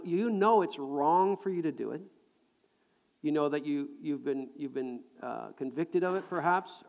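A middle-aged man preaching a sermon to a live congregation, animated and jokey, repeating words as he builds a point. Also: a little high, creaky. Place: large hall with audience. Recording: long hall reverb.

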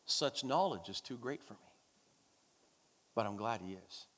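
Long reverb from the church hall surrounds a pastor whose medium-pitched voice is expressive, fairly bright, and measured in pace. Preaching a sermon and leading prayer during the service, he calls out to the congregation with emphatic repetition.

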